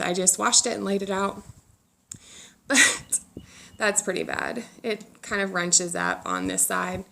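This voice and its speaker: A woman's voice: mid-range voice, vocal fry, fairly bright tone, a little hiss or hum. A woman hosting a knitting podcast, chatting casually and rambling a little, self-deprecating as she talks, sitting outdoors. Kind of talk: casual chat.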